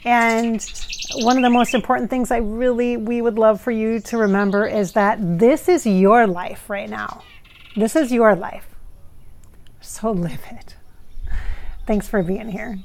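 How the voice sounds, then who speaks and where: Gravelly, effusive woman medium. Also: on the high side, fairly even intonation, a little slow. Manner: warm, effusive, frequent thank-yous and soft laughter. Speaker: psychic medium and channel host. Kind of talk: casual spirit-channeling session.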